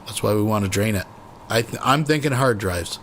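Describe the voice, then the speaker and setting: A man's voice: on the low side, animated, brisk, a bit bright, slight background noise. A man hosting a commentary stream, mocking a played clip in a sarcastic, profane way. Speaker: reaction commentary host.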